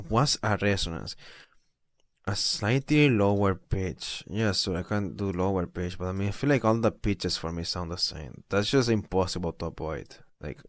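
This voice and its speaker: Young male streamer, lowish voice, dry close sound, laughs a lot, rambling. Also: dry recording. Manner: chatty, incredulous, laughs often. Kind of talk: casual rambling chat while reading posts aloud.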